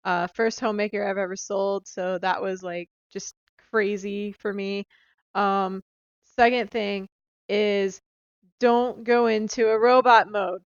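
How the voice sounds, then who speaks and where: A woman's voice: mid-range voice, steady tone, slow, clean tone, no echo, muffled recording. Chatty young woman on a phone. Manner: chatty, filler-heavy, upbeat. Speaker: sales rep. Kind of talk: casual vlog recap. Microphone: handheld phone.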